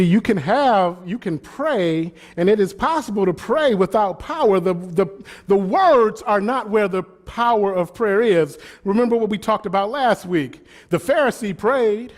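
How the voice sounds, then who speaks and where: A man's voice: high voice, a little mellow. A man, the pastor, preaching a sermon with swelling emphasis and repeated phrases.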